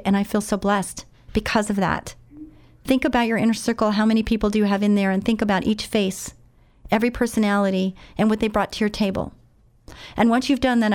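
A woman's voice: mid-range voice, a little mellow. A woman preaching a sermon in an emotional, heartfelt way, repeating words for emphasis.

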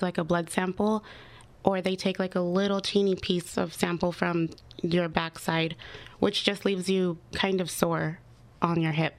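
A woman's voice: lowish voice, dry recording. A woman in her twenties, a guest on a radio talk show, answering hesitantly with many fillers. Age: 20s. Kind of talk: radio interview.

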